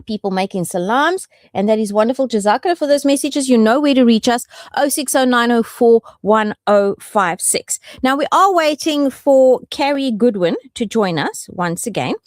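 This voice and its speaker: Lady radio host, playful, lively up-and-down voice, dry studio sound. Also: on the high side, moderate pace, few pauses, no room sound. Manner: playful, animated, affectionate. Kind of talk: casual radio chat.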